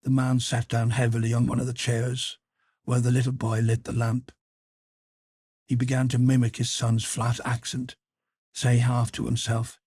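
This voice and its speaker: A man narrates literary fiction for an audiobook in an even, measured way. His voice sits mid-range with a husky, breathy grain. The recording is dry, with no room sound. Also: medium pitch, dry recording. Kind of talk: scripted narration.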